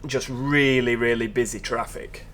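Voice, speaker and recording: A man's voice: medium pitch, steady tone, unhurried, a bit bright, slight background noise. A man giving casual, chatty commentary over gameplay, with joking asides to his viewers. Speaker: video game commentator.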